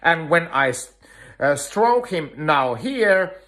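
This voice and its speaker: A man giving an earnest dog-training lecture, talking in halting phrases full of "uh" fillers. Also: on the high side, big pitch swings, fairly bright tone. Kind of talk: instructional lecture.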